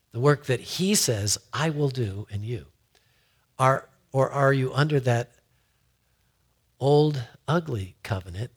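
A man's voice: medium pitch, husky. A man giving a conversational sermon in a folksy way, often repeating words as he builds a point. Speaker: preacher.

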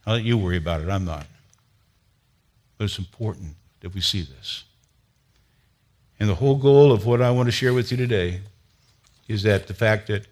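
A man preaching a sermon, telling a story with lively rises in energy and dropping to a low, earnest tone to make his point. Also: moderate pace, long pauses. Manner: animated storyteller, grows loud and high when excited, then drops to a low earnest tone. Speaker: pastor.

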